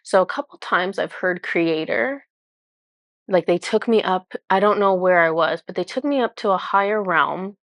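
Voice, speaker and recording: A woman's voice: fairly low pitch, moderate pace, a bit bright, no room sound. This woman talks like a channeler explaining something she can barely put into words. She wanders, restarts and says "like" constantly in casual chat. The recording is dry and close. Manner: rambling, searching for words, many "like" fillers. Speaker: spiritual channeler.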